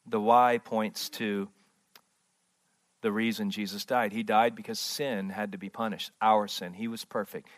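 A man preaching a sermon in a church as pastor, impassioned and repetitive, swinging from loud emphasis to hushed tones. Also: lowish voice, steady tone, unhurried. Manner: repeats words, restarts phrases.

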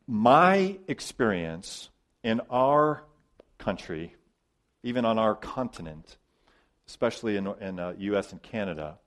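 A man preaching a sermon as pastor, emphatic, with loud stresses, quiet drops and repeated words. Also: on the low side, very animated, unhurried.

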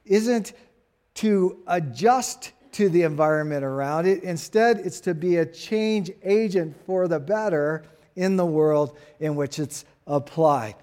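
A man preaching as pastor, earnest, putting rhetorical questions to his congregation and dropping into soft, quiet asides. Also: a little high, slow pace, clear, resonant tone. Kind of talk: sermon.

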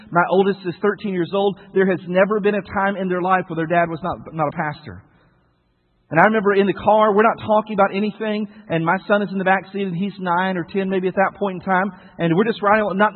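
A man's voice: high-pitched, fairly even intonation, fast. A man in his thirties preaching a sermon as a pastor, earnest and questioning, repeating key phrases. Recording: tinny, echoey hall sound.

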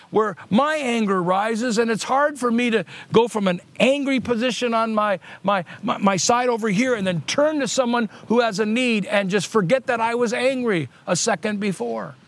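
Male pastor, middle-aged, sermon, earnest, repeats points for emphasis, very high voice, dry close sound. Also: dry recording.

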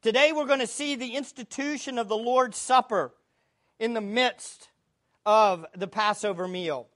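A woman's voice: a little high, a little slow. A woman preaching a sermon, teaching from the Bible in an earnest, emphatic way and asking rhetorical questions.

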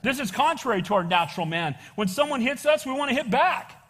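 High-voiced preacher in an echoing church. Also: male voice, a little fast, breathy edge. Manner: animated preaching, calls for amens from the congregation; casual slang, says "bro". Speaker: pastor. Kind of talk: sermon. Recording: long reverb of a church hall.

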